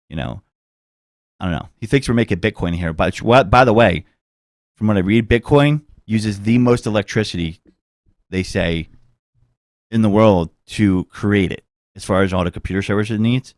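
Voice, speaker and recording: Low-pitched guy rambling on his podcast, swears a lot, dry close mic. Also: moderate pace, no echo. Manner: rambling, swears freely, does mocking voices. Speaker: podcast host. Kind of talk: casual podcast chat.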